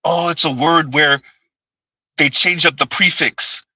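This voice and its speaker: Male livestream host, bright and slightly high, rambling and repetitive, laughs a lot, dry close sound. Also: steady tone, a little slow, no echo, poor audio. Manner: rambling, repeats himself, laughs often. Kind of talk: casual live chat reading comments.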